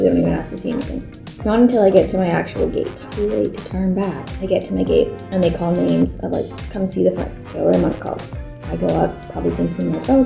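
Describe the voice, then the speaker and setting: This young bodybuilding vlogger chats casually to the camera, sprinkling in plenty of "like" and performing other people's quoted reactions as she tells stories. Her voice is on the low side, with vocal fry.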